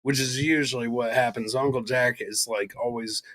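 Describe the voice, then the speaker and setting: A man's voice: medium pitch, steady tone, moderate pace, over a noisy crowd. Joking, rambling male podcast host. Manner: rambling, joking, swears a lot. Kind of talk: casual podcast chat.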